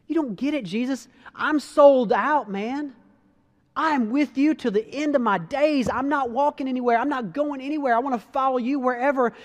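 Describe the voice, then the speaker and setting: A man's voice: very high-pitched, normal speed, in a large hall, pitched above the performer's own voice. A man voicing a devoted, frightened male disciple who pleads emphatically to stay with his teacher. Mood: fervent.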